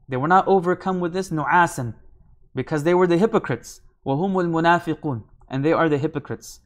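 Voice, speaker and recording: A man teaching a line-by-line Quran commentary, reading Arabic passages quickly and then explaining them slowly in English, often asking "right?" as he goes. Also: sits high. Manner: repeats phrases, asks "right?". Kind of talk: line-by-line scripture lesson.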